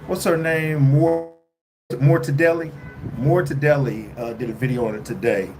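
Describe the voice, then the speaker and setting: A man livestreaming casually from his phone while traveling, rambling and halting with many fillers and restarts. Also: mid-range voice, rough recording. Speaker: vlogger livestreaming. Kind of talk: casual live-stream chat. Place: indoors at a lodging while traveling. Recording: loud background noise.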